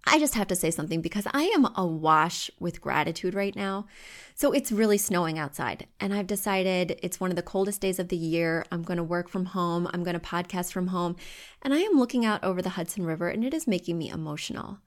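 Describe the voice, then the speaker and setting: A woman's voice: fairly low pitch, fairly quick. A woman hosting a podcast from home, giving chatty, emphatic design advice.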